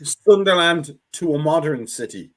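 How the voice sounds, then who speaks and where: A man's voice: fairly high pitch, lively intonation, a little slow, a bit bright. A man co-hosting a football watchalong, cracking dry jokes about the match. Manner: dry wisecracks, slips into mock voices. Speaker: watchalong co-host. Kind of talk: casual match commentary chat.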